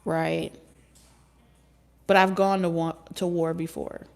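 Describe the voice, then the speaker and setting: A woman giving a casual tarot reading, talking in an animated, joking way with frequent laughs and casual swearing. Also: fairly low pitch, slow pace, creaky. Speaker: tarot reader.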